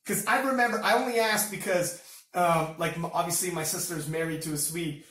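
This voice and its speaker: A man from Canada hosting a casual interview, chatty and swearing freely, telling animated stories. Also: sits high, brisk, distant mic. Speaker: podcast host. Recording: echoey room, voice off-mic.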